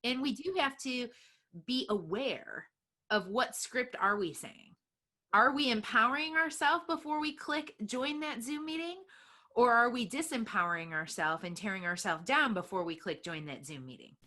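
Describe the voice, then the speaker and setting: A woman's voice: fairly high pitch, normal speed, pushed and bright. A woman hosting a business podcast, encouraging and affirming her guest as she reflects and asks questions. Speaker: podcast host. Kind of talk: podcast interview conversation.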